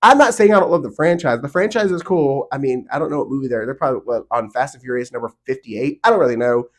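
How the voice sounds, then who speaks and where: A man's voice: medium pitch, fast talker. A middle-aged man vlogging from a home studio, talking to camera in a casual, opinionated, emphatic way with mock outrage. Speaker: theme park vlogger.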